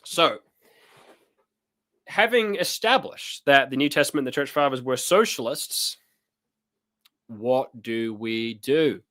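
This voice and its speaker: A man's voice: mid-range voice, expressive, slow, pauses often, a bit bright. A man from New hosts a casual livestream. He chats loosely and jokes as he reads out viewer comments, with lots of fillers and restarts. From New Zealand. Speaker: host.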